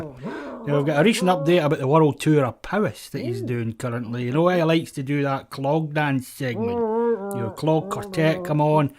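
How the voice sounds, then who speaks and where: A man with a Scottish accent hosting a comedy show, rambling chattily and laughing at his own jokes. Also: a little high. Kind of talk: scripted comedic monologue.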